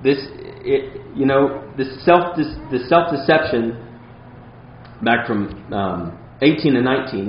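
A man's voice: mid-range voice, animated, measured pace, roomy sound, highs cut off, slight background noise. A man preaching a sermon as pastor, earnest and emphatic, with casual asides to the congregation.

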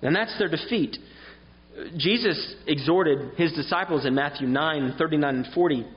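A man's voice: on the high side, expressive, moderate pace. A man preaching a sermon in an earnest, emphatic, explanatory way. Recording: dull sound with long reverb in a hall.

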